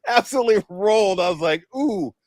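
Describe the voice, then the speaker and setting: A middle-aged man hosting a relaxed sports talk show, with a fairly high voice and a lively, animated way of telling stories. He laughs often, and the sound is close and dry with no room echo. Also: moderate pace. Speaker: podcast host. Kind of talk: casual sports chat.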